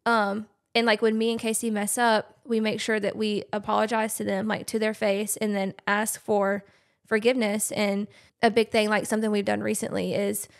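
A young woman, a podcast guest talking earnestly and softly in casual chat. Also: medium pitch, flat delivery, moderate pace, vocal fry.

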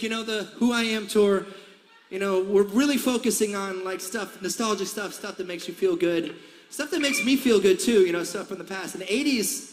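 A man in his forties chatting and laughing with a concert crowd between songs, telling rambling stories. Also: sits high. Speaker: singer addressing a concert crowd. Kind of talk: onstage banter. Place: large concert venue on stage. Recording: live hall reverb, faint crowd noise.

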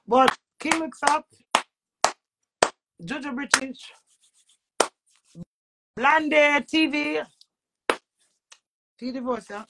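A woman with a Jamaican accent ranting to camera as a social media personality, emphatic and preachy, swinging between loud outbursts and low muttering. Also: drawn-out words, long pauses, background noise.

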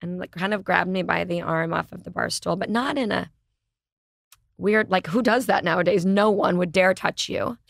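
A middle-aged woman, a podcast guest, telling a lively story in casual chat and acting out the voices of the people in it. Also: on the low side, moderate pace, creaky, no room sound, studio quality.

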